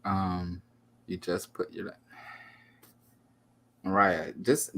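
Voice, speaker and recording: A man's voice: deep voice, fairly even intonation, takes it slowly, vocal fry, pauses often, a bit bright, husky. A man hosting a livestream talk show, chatting casually and joking in a playful, mock-dramatic way. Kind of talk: casual chat.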